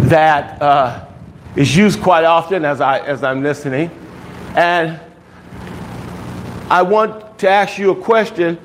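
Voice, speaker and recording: Guy teaching a class, slow and patient, keeps asking okay?, bit higher voice. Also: a bit bright, a little hiss or hum, rough recording. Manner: patient, checks understanding with frequent "okay?". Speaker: language teacher. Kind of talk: classroom lesson.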